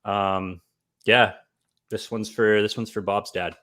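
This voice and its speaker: Low-voiced man, wry podcast co-host. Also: fairly even intonation, takes it slowly, fairly bright tone. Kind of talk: casual chat.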